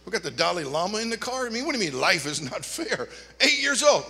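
An older man preaching a sermon as a pastor, animated and joking, with sudden loud outbursts. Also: sits high, quick pace, creaky, breathy edge. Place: church sanctuary. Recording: long hall reverb.

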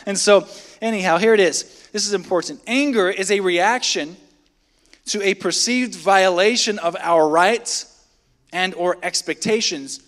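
A man's voice: high-pitched, a little slow, fairly bright tone. A man preaching a midweek sermon in a church, talking in a conversational way and firing rhetorical questions at the congregation. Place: church sanctuary. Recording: long hall reverb.

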